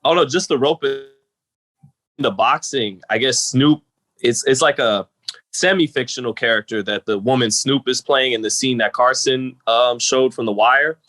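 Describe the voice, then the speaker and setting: A man's voice: medium pitch, normal speed, bright, forceful tone. Easygoing man chiming in on a podcast. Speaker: podcast co-host. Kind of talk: casual chat.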